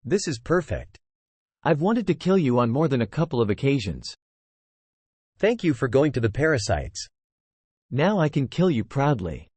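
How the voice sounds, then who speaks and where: A man voicing a cold, scornful young woman warrior with a flat, dismissive delivery. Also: medium pitch, normal speed, pauses often, husky, no room sound.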